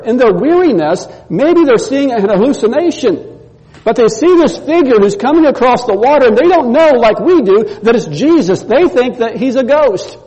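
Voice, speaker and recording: A man preaching a sermon, telling a story with lively repetition and acting out the voices in it. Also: high voice, in a large hall, poor audio. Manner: storytelling, acts out quoted voices, repeats words. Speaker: pastor.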